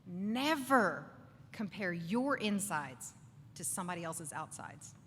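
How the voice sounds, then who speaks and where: A woman giving an animated faith talk to a live audience in a bar, acting out inner voices and asking the crowd for agreement. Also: lowish voice, slow, a little hiss or hum. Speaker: speaker. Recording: distant voice with long reverb, faint ambience.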